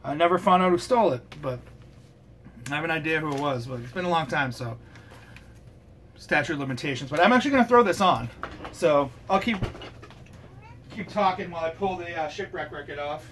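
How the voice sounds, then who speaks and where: A man's voice: a little high, expressive, fairly quick, long pauses, a bit bright, a little hiss or hum. A man hosting a casual record review show, talking in a loose, rambling way and swearing casually. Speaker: host.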